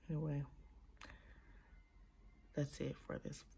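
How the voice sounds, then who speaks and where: A woman's voice: low-pitched, monotone, slow, gravelly, dark tone, slight background noise. A young woman chatting casually in a vlog, talking through a sore mouth from new braces and dropping at times into whispers. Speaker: vlogger. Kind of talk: casual vlog chat to camera.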